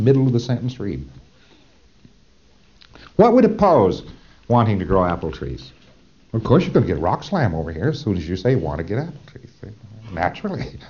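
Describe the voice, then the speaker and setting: Low-voiced man lecturing on old tape. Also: a little mellow, lo-fi sound. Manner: conversational, emphatic, asks listeners "see?". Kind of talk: recorded training lecture.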